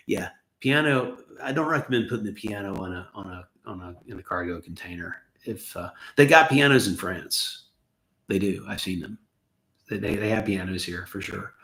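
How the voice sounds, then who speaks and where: A rambling American man with a faint Southern accent under a Los Angeles one, talking casually on a livestream. His voice sits low and gravelly, worn from a lot of talking, and he keeps slipping in self-deprecating jokes. He is recorded in an echoey room. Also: fairly bright tone. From United States. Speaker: channel host answering viewer questions. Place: his home.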